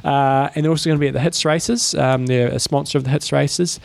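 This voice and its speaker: Casual male podcast co-host, gravelly, rambling delivery. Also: mid-range voice, brisk, no echo. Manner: relaxed, rambling, many fillers. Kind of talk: casual chat.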